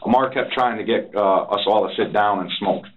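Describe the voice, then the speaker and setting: A man's voice: on the low side, brisk, narrow, tinny audio. A man being interrogated, recounting events in a rambling, profane way and acting out other people's lines. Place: interrogation room.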